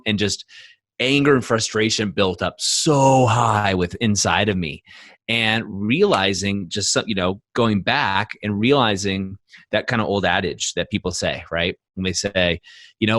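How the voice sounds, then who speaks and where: Low-voiced man, emphatic. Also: normal speed, no room sound. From United States. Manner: emphatic, animated storytelling with many fillers. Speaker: podcast co-host, men's coach. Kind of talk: casual podcast conversation.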